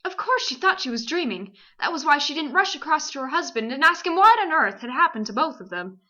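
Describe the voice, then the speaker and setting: A woman from Canada reading a children's novel aloud in a lively, expressive way. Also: sits high, brisk, highs cut off. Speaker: amateur audiobook reader. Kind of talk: storybook narration.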